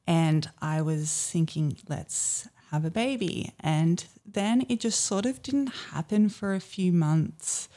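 Woman guest, unhurried, reflective storyteller, lowish voice. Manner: slow, soft and reflective, with many fillers. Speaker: podcast guest. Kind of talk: personal storytelling in a casual chat.

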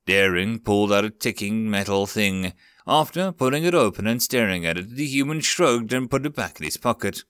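A man narrating a story aloud in an expressive, lively reading. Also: on the low side, normal speed, clear, resonant tone, no echo, studio quality.

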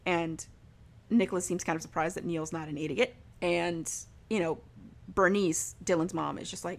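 A woman's voice: on the low side, steady tone, moderate pace, gravelly. A young woman in casual chat, retelling a story in a chatty, filler-heavy way and acting out the lines of the people in it. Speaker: podcast co-host recapping a story.

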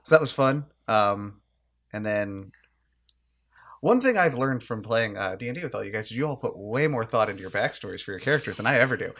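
A man chatting casually about a tabletop game, relaxed, with stammering starts and chuckles. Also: lowish voice, a little fast. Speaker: podcast co-host and player. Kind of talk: casual chat.

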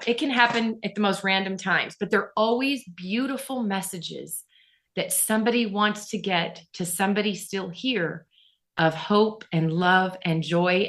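A middle-aged woman telling a personal story as an interview guest, earnest and animated, often turning to the host. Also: mid-range voice.

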